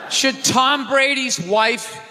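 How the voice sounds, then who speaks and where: Guy ranting on stage, high pitch, drawn-out pace, big theater echo. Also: over music. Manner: loud, exasperated, profane ranting. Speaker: stand-up comedian. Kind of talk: live stand-up rant. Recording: theater reverb with faint crowd.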